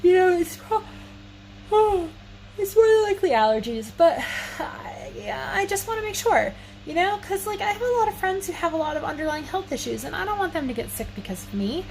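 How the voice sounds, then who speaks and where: A woman's voice: extremely high pitch, animated, normal speed, darkish tone. A woman telling a rambling, self-mocking story to her phone at home, slightly wheezy, with a fan humming behind. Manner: chatty, rambling, laughs at herself. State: a little wheezy. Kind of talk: casual storytelling vlog. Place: indoors at home with a fan running. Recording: faint fan hum behind.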